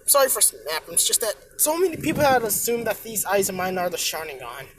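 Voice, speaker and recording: A storyteller puts on an irritated teenage boy ninja for a fan-made what-if tale. He snaps, swears and sounds fed up, with a pitch that leaps around a lot. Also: very animated, fast, background noise, lightly acted. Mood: exasperated. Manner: curses, snaps, exasperated.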